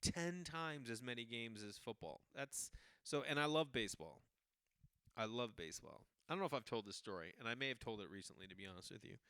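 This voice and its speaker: A middle-aged man, hosting a podcast and telling a rambling, animated story in a casual monologue. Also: medium pitch, quick pace, clear, resonant tone, no room sound, studio quality. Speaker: podcast host.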